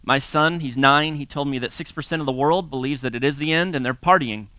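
A pastor teaching a series, a man in his thirties or forties from the United States, gives a sermon-style talk full of personal stories, chuckling often and acting out voices. His fairly high voice is clear and resonant, a little fast, with no echo.

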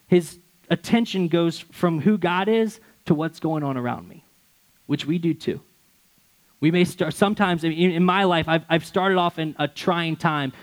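A man's voice: on the high side, poor audio. A young man giving a sermon, reading scripture aloud and then explaining it in a conversational way. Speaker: pastor.

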